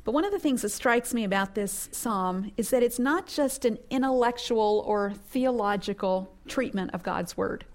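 A woman hosting a radio Bible teaching, speaking earnestly and reflectively and rising to emphatic bursts when she quotes scripture. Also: fairly high pitch.

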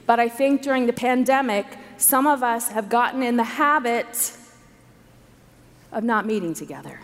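A woman's voice: on the high side, measured pace. A woman speaker preaching an earnest, story-filled sermon to a women's conference, with emphatic repetition. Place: large conference hall. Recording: live hall recording with long reverb.

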